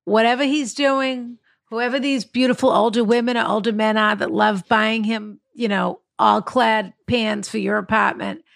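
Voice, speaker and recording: A woman's voice: a little high, fairly even intonation, moderate pace, vocal fry, few pauses, no echo, studio quality. A middle-aged woman co-hosting a casual advice chat, wry and matter-of-fact. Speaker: advice podcast co-host.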